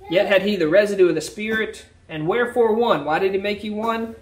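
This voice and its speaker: A man's voice: sits high, brisk, a little hiss or hum. Man teaching a Bible study. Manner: reads scripture aloud, then explains it in plain casual words.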